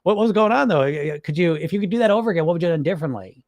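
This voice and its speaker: A gentle inner coach voice, soothing and patient, as a man puts it on. It is pitched a bit high and recorded dry and close. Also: racing, no echo. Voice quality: calm, soothing, reassuring. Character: kind encouraging inner coach voice, male.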